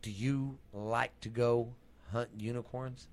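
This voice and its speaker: A man's voice: mid-range voice, steady tone, takes it slowly, darkish tone. A man co-hosting a casual podcast, joking around and goofing off. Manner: goofy, does silly accented cow impressions. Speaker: podcast co-host.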